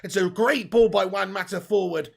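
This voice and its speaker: Brief: male watch-along host, high-ish gravelly voice with a husky edge, casual, excitable. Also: normal speed. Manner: excitable, casual, swears, reads out viewer messages. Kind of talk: live football watch-along commentary.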